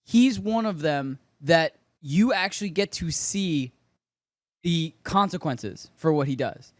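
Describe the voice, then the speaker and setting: A man's voice: on the high side, lively intonation, takes it slowly, dry recording, studio quality. A man co-hosting a casual pop-culture podcast, giving eager, rambling explanations. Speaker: podcast co-host. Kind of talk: casual chat.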